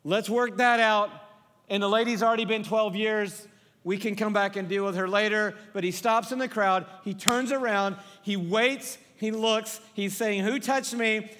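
A fairly high-voiced man preaching a sermon to a large church, joking and acting out little scenes. His voice rings with a long reverb from the big hall around him. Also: fairly even intonation, normal speed, a bit bright. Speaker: pastor.

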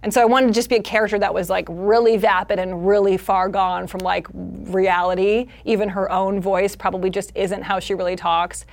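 A woman comedian talks freely in a relaxed interview, her voice mid-pitched and lively. She moves quickly between stories and little impressions. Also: vocal fry. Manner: animated, slips into character voices. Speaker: comedian guest. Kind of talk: casual interview chat.

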